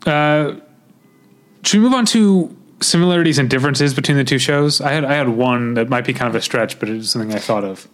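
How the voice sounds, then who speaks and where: A man's voice: medium pitch, a little fast. A man with a Midwestern accent co-hosting a casual podcast chat, rambling with lots of fillers and restarts. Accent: Midwestern American. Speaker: podcast co-host.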